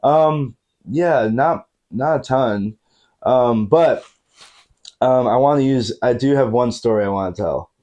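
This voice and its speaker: A man's voice: medium pitch, measured pace, darkish tone, highs cut off. A man in his thirties, a podcast guest telling a funny anecdote in casual chat, laughing often and using many fillers, recorded in a living room. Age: 30s. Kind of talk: casual storytelling.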